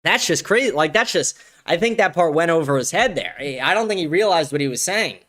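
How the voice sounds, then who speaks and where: A man's voice: a little high, lively intonation, brisk, fairly bright tone. A young man hosting a live stream, reacting to clips and reading chat aloud with crude, sarcastic commentary and frequent laughter.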